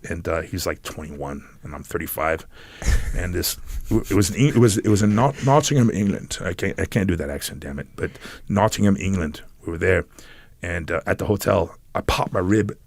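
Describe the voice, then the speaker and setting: A middle-aged man, a podcast guest, telling a long story in a halting, animated way, stopping and restarting and acting out what others said. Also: deep voice, gravelly, dry recording. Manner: halting, animated storyteller who acts out quotes. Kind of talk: casual storytelling interview.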